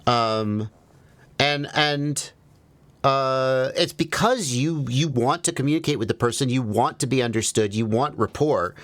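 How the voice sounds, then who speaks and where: A man hosting a livestream, chatting casually and telling stories, his pitch leaping up when he acts out a thought. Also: a little slow, dry recording. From American South. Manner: animated storyteller, jumps high on quoted asides. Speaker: livestream host.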